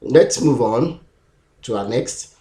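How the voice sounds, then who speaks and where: A man's voice: medium pitch, animated, takes it slowly, dark tone, roomy sound. A man teaching an English pronunciation lesson, sounding out and repeating each sound several times on his own camera. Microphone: self-recorded camera.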